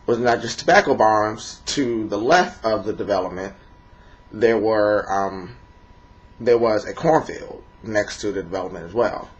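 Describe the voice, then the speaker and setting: Low-voiced rambling D.C. man, lo-fi. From Washington, D.C. area. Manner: rambling and profane, many fillers. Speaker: vlogger. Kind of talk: casual monologue to camera. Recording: dull lo-fi recording.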